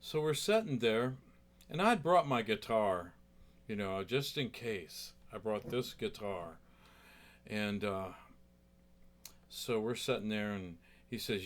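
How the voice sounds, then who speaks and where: A man's voice: lowish voice, animated, measured pace, long pauses. A man who plays guitar telling a story in a rambling, chatty way, full of asides. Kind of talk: casual storytelling.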